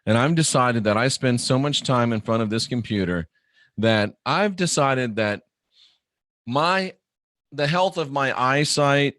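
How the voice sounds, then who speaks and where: A middle-aged man hosting a live online talk show, talking bluntly and animatedly, sometimes breaking into loud mock shouts. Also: medium pitch, dry recording, studio quality. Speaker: host.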